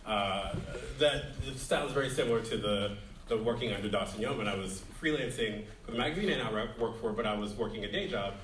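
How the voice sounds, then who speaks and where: Bright-voiced host with halting ums. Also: male voice, on the low side, a little hiss or hum. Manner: halting, lots of ums and restarts. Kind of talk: casual on-stage chat. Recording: echoey hall, distant mic, audience.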